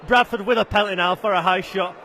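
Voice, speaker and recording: A man doing colour commentary on a rugby league match, chatty and quick to laugh at himself. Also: high voice, fairly even intonation, pushed and bright, a little hiss or hum. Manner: chatty and self-mocking.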